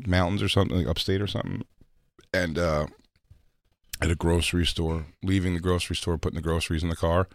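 A man's voice: low voice, fairly even intonation, no room sound, studio quality. A man co-hosting a podcast, telling rambling anecdotes in casual chat and quoting people as he goes. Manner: fast, rambling anecdotes with quoted voices. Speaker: podcast co-host.

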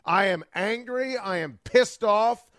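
Fuming, slow-ranting male sports commentator. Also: high voice, a bit bright, dry recording, studio quality. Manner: fuming, lists adjectives in threes. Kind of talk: angry sports rant.

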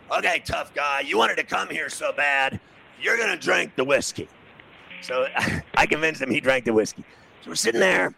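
A middle-aged man tells a casual anecdote and acts out every bit of quoted dialogue. His voice is heavily gravelly and full of fry. It has a bright, forceful edge. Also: medium pitch, slight background noise, poor audio. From New York City.

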